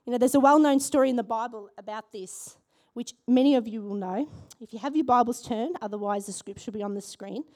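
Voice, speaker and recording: Aussie lady pastor giving a sermon, high voice, super animated, lots of questions to the crowd. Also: fast talker, hardly any pauses. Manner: animated, rhetorical questions to the congregation. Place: church.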